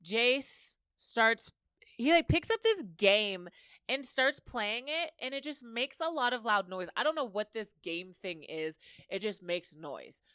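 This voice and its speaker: A woman's voice: on the high side, animated, a little slow, sharp tone, clean tone, no room sound, studio quality. A woman hosting a podcast, chatting casually as she retells a story and slips into quoted dialogue. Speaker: podcast host. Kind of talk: casual episode recap.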